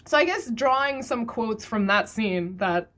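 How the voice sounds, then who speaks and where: A woman's voice: a little high, lively intonation, a little slow, a bit bright, a little hiss or hum. A woman hosting a podcast in casual, giggly, enthusiastic chat. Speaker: podcast host.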